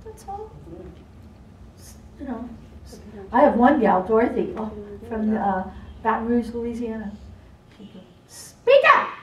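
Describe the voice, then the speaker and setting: A woman with a fairly high voice teaches a live seminar in a playful, animated way, slipping into voices for the people in her stories. She is heard from some distance in a roomy, echoing space. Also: unhurried, pauses often, noisy background. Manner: lively, playful, acts out quoted people. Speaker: seminar presenter for court reporters. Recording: echoey room, voice from far off.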